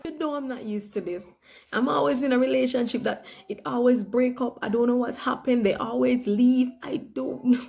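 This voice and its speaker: A woman's voice: on the high side, steady tone, moderate pace, creaky, darkish tone. A Nigerian woman acting a newly engaged young woman, gushing and close to tears in a comedy skit. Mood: emotional.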